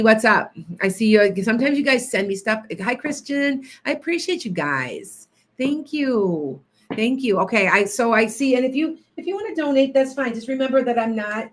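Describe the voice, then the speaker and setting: A woman hosting a casual livestream as a psychic healer, rambling and chatty as she greets viewers by name between stories. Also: mid-range voice.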